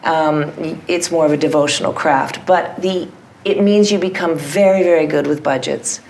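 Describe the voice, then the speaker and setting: A middle-aged woman, a theatre director, answering interview questions in an animated, self-deprecating way, with frequent restarts. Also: low-pitched, normal speed, a little hiss or hum.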